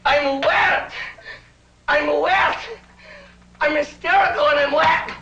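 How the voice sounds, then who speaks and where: A man's voice: extremely high pitch, takes it slowly, gravelly, bright, forceful tone, dull audio, exaggerated voice. An actor playing a meek, terrified male accountant in hysterics, shrieking and whimpering in panic. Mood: hysterical. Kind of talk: film comedy acting. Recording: distant, echoey, noisy old film audio.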